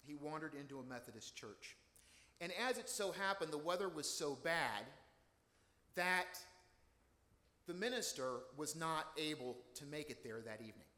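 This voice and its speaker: A man's voice: medium pitch, a bit bright. Man preaching in an echoey hall. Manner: measured storytelling, earnest. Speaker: pastor. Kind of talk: sermon. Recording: echoey hall with long reverb.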